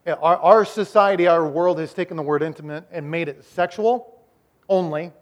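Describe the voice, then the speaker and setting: A pastor delivers a sermon in a fairly high-pitched male voice. He pushes some lines hard and loud, then drops to slow, hushed phrases. He often repeats and restarts his words as he preaches. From Iowa, United States. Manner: preaching with dramatic shifts between loud emphasis and quiet, slowed lines.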